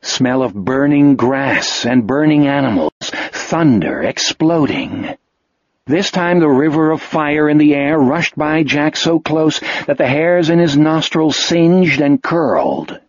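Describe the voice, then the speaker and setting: A man reading an audiobook in steady scripted narration. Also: fairly high pitch, slow, no echo, muffled recording.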